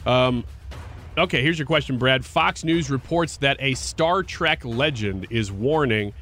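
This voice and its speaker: A man's voice: mid-range voice, measured pace, fairly bright tone, a little hiss or hum. A man co-hosting a talk radio show, reading news items as quiz questions and chuckling often in casual banter. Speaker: radio show co-host running a quiz game.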